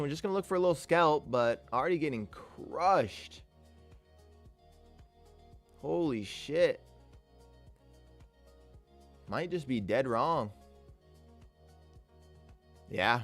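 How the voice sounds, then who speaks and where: Exasperated, swearing man trading live. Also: a little high. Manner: exasperated, swears often, talks to himself about trades. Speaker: day trader streaming live. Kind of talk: live trading commentary, reading chat.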